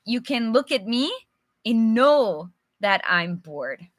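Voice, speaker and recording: A woman's voice: on the high side, big pitch swings, slow, dry recording. A woman teaching English from a storybook, chatty and encouraging, answering viewers by name and acting out examples with sighs and groans; her voice is a little worn. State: slightly losing her voice. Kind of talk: live English storybook lesson.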